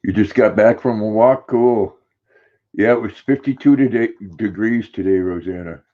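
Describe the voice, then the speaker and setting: An older man chatting casually on a live stream, greeting viewers by name and cooing softly to his dog. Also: on the low side, normal speed, phone-quality sound.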